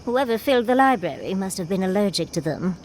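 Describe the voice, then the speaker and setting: A woman's voice: mid-range voice, expressive, fast, darkish tone, a little hiss or hum, close to an everyday voice. An actress voicing a furred female adventurer companion in a video game, with a wry, teasing manner that tosses out darling and dear. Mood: wistful. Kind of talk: video game character dialogue.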